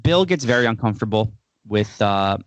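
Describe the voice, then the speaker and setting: A man's voice: fairly low pitch, lively intonation, normal speed, no echo, lo-fi sound. A man co-hosting a podcast, recapping a film step by step with dry jokes in casual chat. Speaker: podcast co-host.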